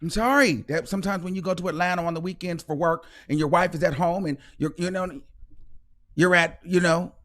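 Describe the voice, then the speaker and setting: A man's voice: high voice, a little fast, fairly bright tone. A man hosting a livestream show, ranting heatedly with sarcasm, repetition and frequent swearing. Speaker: host.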